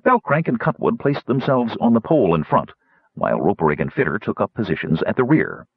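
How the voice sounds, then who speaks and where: Man reading an audiobook, low husky voice, swoops around a lot, dull dry sound. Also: no room sound. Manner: measured, expressive storytelling. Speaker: audiobook narrator. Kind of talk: scripted narration.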